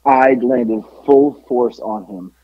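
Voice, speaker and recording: A man telling wrestling stories in a casual podcast chat, profane, jumping into loud voices when quoting people. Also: mid-range voice, takes it slowly, slightly rough, dry recording, highs cut off. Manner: animated, profane, acts out quotes in raised voice. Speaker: podcast guest, former pro wrestler. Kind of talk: casual storytelling.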